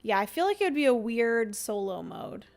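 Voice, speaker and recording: A woman's voice: a little high, big pitch swings, moderate pace, gravelly, darkish tone. A young woman streamer chatting casually and giggling as she rambles through a livestream.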